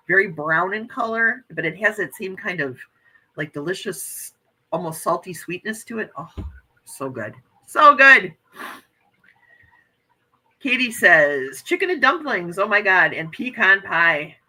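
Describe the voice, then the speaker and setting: A woman's voice: on the low side, bright, forceful tone, slightly rough, low-quality recording. A woman in her fifties hosting a casual morning livestream chat, reading out viewer comments and gushing with frequent exclamations. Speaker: livestream host.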